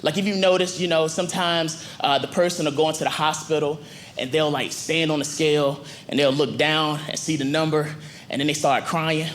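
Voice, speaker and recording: A man's voice: on the high side, fairly quick. A man doing a stand-up set on a comedy club stage, chatty and slangy, talking into a handheld mic. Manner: animated, conversational, slangy. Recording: live club with audience noise.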